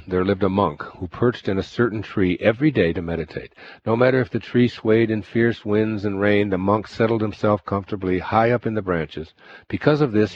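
Low husky guy narrating self-help slowly, kinda muffled recording. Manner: slow, deliberate, calm reading. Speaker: audiobook narrator. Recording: dull lo-fi recording.

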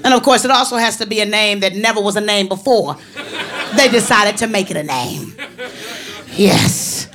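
A woman doing a stand-up comedy set in a brassy, punchy way that often breaks into shouting. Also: medium pitch, moderate pace. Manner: brassy, animated, punchy delivery that bursts into shouting. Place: live comedy venue. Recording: crowd laughter over a noisy live room.

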